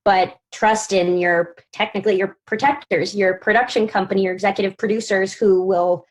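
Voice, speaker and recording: A woman's voice: mid-range voice, steady tone, moderate pace, poor audio. A woman producer speaking as a panel guest, giving long, thoughtful answers with a frequent "like". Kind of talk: casual panel discussion.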